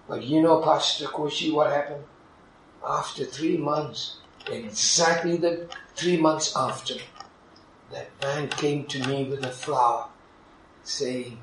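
A male pastor preaching with a fairly high voice that soars and drops to a hush. His English carries non-native grammar and he acts out conversations as he goes. The recording has a roomy, echoing hall sound. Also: a little slow. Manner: animated preaching, swings from loud climbs to near-whispers, acts out dialogue. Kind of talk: sermon.

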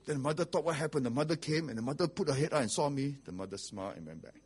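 A man's voice: medium pitch, sing-song, racing, a little mellow, a little hiss or hum. A man preaching a sermon as pastor, blunt and rhetorical, often asking "okay?" and "right?".

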